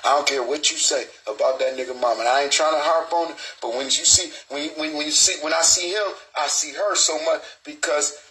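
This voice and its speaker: A man's voice: fairly high pitch, brisk, hardly any pauses, pushed and bright, poor audio. A middle-aged man hosting a live online show, talking in a rambling, streetwise way and swearing freely. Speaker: show host. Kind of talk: casual live stream talk.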